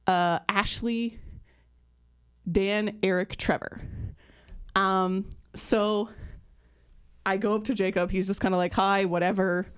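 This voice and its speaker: A woman in her thirties co-hosting a podcast, telling a story in a lively, casual way and acting out what other people said. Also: mid-range voice, smooth. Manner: lively storyteller who acts out quoted voices. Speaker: podcast co-host.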